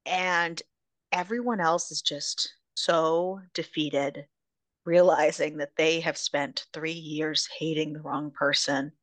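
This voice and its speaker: Chatty woman recapping a book, low-ish voice. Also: steady tone, takes it slowly, no echo. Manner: chatty, swears freely, retells scenes with "he's like". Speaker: podcast host. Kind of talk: casual book recap chat.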